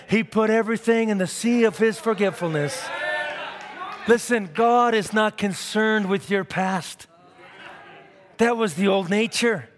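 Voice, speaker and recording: A man preaching a sermon. He shifts between shouted declarations and low, wry asides, and he calls on the congregation for responses. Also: big-room sound.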